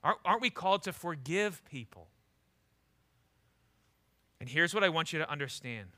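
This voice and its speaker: A man preaching a sermon with a high, very bright and forceful voice. He swings from loud declarations down to low, intense lines, and he often stumbles over repeated words as he starts a new thought. His delivery carries through a church service. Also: animated, normal speed. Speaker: pastor.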